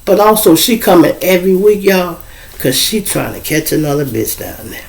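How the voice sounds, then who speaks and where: A middle-aged Chicago man with a gravelly edge to his voice spins a rambling, profane story. He keeps it casual and conversational, and he jumps his pitch way up to play the other people in it. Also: moderate pace. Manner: profane, animated, acts out quoted voices with big pitch jumps. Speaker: show host telling a personal story.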